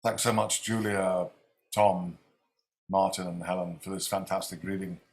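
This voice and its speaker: A male livestream host introduces poets in a friendly way that wanders a little. His voice sits low and stays flat, with little rise and fall. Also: a little slow. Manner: friendly, slightly scattered introductions.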